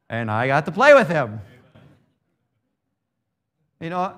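A man's voice: fairly high pitch, very animated, normal speed, sharp tone. A man preaching a sermon who grew up in Brazil, moving from a childhood story into emphatic teaching on scripture.

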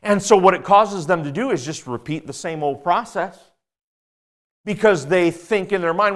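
Male pastor mid-sermon, slightly high voice, emphatic, drops to quiet asides. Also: normal speed. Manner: emphatic, repeats key phrases, asks the congregation questions.

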